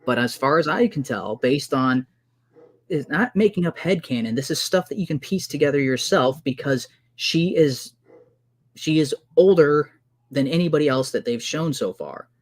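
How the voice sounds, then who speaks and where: A man in a heated online debate, talking fast over the other man with exasperated outbursts and insults. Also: mid-range voice. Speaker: debater defending the trailer.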